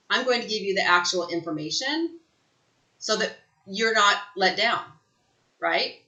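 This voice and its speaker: Bright-voiced, emphatic woman trainer. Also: medium pitch, echoey room, poor audio. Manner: emphatic, energetic, tags lines with "right?". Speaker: real estate sales trainer. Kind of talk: live online training talk.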